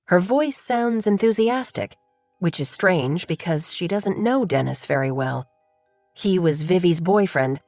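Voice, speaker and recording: A woman narrating a novel as an audiobook, telling the story in a steady, even manner. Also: medium pitch, dry recording. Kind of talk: scripted narration.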